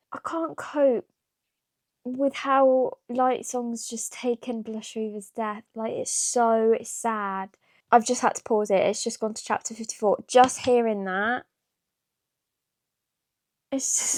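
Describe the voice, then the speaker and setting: A woman vlogging her reactions to a novel, chatty and excitable, gasping and exclaiming, full of "like" and "what the hell". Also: fairly high pitch, no echo, clean studio sound. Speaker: book vlogger. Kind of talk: casual reading-reaction vlog.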